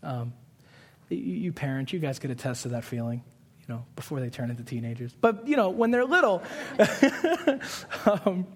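A man in his twenties preaching a sermon, telling a story with animated voices and repeating key lines for emphasis. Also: on the high side. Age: 20s. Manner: storytelling with animated put-on voices and quick asides.

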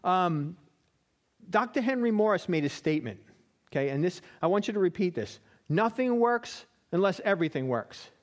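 Bible class teacher, male, high voice, casual conversational delivery. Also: expressive, normal speed. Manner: chatty, checks in with listeners with "right?".

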